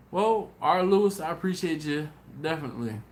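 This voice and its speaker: Tired man telling animated stories. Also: on the high side, unhurried. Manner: animated storytelling, voices his friends. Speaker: BBQ channel host. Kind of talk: casual livestream chat. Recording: echoey room with faint noise.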